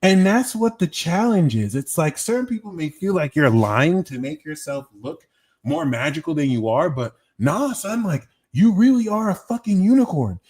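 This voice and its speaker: A man's voice: fairly high pitch, lively intonation, normal speed, a little mellow. A young man doing a live-stream tarot reading, talking casually with lots of swearing and slang while answering his chat. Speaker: tarot reader.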